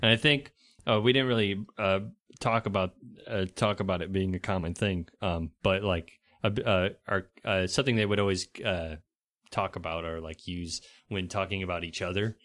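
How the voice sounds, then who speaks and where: A young man co-hosting a podcast, talking about a movie in a rambling, halting way. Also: low-pitched, steady tone, a bit bright. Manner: rambling, halting, full of fillers and restarts. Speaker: podcast co-host. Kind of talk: casual chat about a movie.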